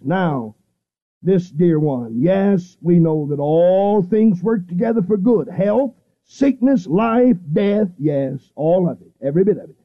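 Middle-aged male radio evangelist, high voice, emphatic repetitive delivery, muffled vintage broadcast quality. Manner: fervent, repetitive preaching with emphatic pauses. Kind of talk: radio sermon. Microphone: studio microphone, seated.

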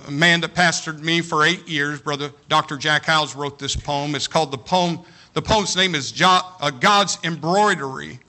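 A man preaching a sermon. He reads a poem dramatically, slowing down and rising for emphasis, and stumbles and repeats words when he talks loosely. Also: a little high, sharp tone. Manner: dramatic poetry reading, slows and rises for emphasis.

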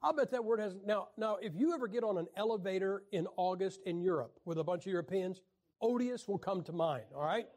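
A man teaching a class on the Bible in a wry, joking lecture style, often clearing his throat. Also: sits high, fast talker, hardly any pauses, darkish tone.

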